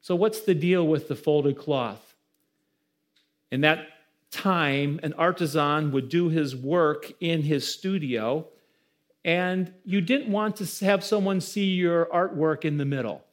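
A man's voice: a little high, takes it slowly. A man preaching a sermon as pastor, asking the congregation questions and building emphasis.

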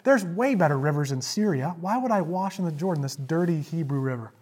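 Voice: mid-range voice, expressive, brisk, darkish tone, husky. A pastor briefly voicing a proud, angry army commander within a sermon's story. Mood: indignant. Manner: indignant, demanding.

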